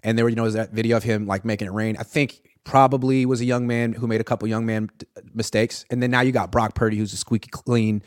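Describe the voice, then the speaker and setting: A man's voice: medium pitch, level tone, dry recording, studio quality. A man hosting a sports talk show, arguing his points emphatically in casual chat. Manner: emphatic, rapid interjections of agreement. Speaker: podcast host.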